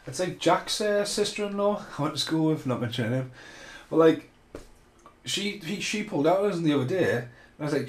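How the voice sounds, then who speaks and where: A man's voice: a little high, lively intonation, brisk. Sweary rambling man, roomy echo. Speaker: film commentary podcast host. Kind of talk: casual film commentary.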